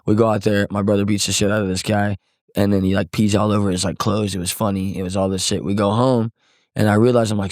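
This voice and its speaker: A young songwriter and musician from Missouri guests on a podcast, talking fast in a fairly low, slightly mellow voice with little pitch movement. Recounting loss, he sounds subdued and heavy, rambling loosely with plenty of "like," "bro," and casual swearing. The recording is dry and close, with no room sound.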